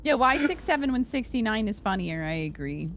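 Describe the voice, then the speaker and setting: A woman's voice: a little high, sing-song, a little fast, a loud crowd. A woman co-hosting a live game stream in casual chat, greeting viewers and joking along. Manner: chatty, greets chat and joins in on jokes. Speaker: streamer co-host.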